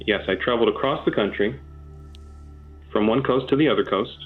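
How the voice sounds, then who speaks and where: A man's voice: mid-range voice, fairly quick. A man co-hosting a stream, chatting in a mock-earnest, rambling way with lots of fillers. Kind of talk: casual joking chat. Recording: tinny phone-like line with faint music.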